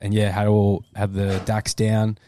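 A man's voice: on the low side, monotone, unhurried, warm tone, a little hiss or hum. A young Australian man co-hosting a casual podcast, telling rambling stories in slangy talk. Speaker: podcast co-host. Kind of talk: casual pub chat.

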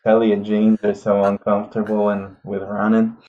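A man's voice: fairly low pitch, completely flat delivery, moderate pace, lo-fi sound, crowd noise. A man playing a tabletop role-playing game, joking in character. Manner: jokey, in-character banter. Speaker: player.

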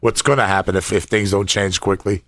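A man's voice: low-pitched, steady tone, a bit bright, dry recording, studio quality. A man co-hosting a political talk show, chiming in agreeably and often stammering through restarts. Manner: halting, stammering, agreeable interjections. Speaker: co-host.

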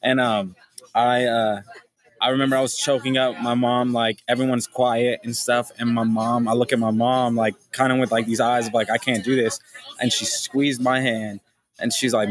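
A young man as a podcast guest, talking in casual conversation with an emotional, halting manner and many restarts. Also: mid-range voice, flat delivery.

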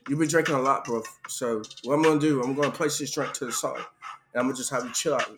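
A man voicing a calm male bartender with a put-on British accent, soothing and firm. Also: mid-range voice, fast, noisy background, close to an everyday voice. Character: calm adult male bartender calming a drunk. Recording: clear music behind.

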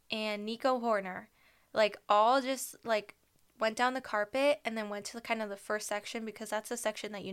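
A young woman hosts her own podcast and tells a personal story in a casual, rambling way. Her voice is smooth and clear, with a gravelly fry at the ends of phrases. She talks excitably and fills her sentences with "like" and "um.". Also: mid-range voice. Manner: chatty, excitable, many fillers. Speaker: podcast host.

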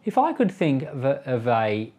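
A pastor with a medium-pitched, darkish voice reads scripture at a normal speed, his pitch swooping wildly. He then comments conversationally, sometimes acting out the voices of the people he quotes.

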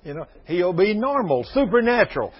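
A man's voice: high voice, sing-song, moderate pace, husky. An older man, preaching a sermon in a folksy storytelling manner, acting out the people in his stories. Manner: folksy storytelling with quoted voices. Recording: dull lo-fi radio broadcast.

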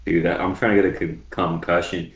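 A man's voice: low-pitched, level tone, fairly quick, roomy sound, crowd noise. A man co-hosting a podcast, riffing with crude jokes and wordplay. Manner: loud jokey wordplay. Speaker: podcast co-host. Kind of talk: crude casual banter.

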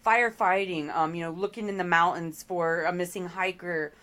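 A woman's voice: lowish voice, fairly even intonation, normal speed, a bit bright. A middle-aged woman speaking as an interview guest, telling her story earnestly with frequent ums and restarts.

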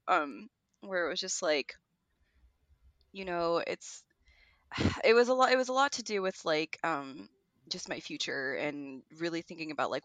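Woman, podcast co-host, casual chat, animated storytelling, frequent swearing and laughter, dry close sound. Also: mid-range voice, dry recording.

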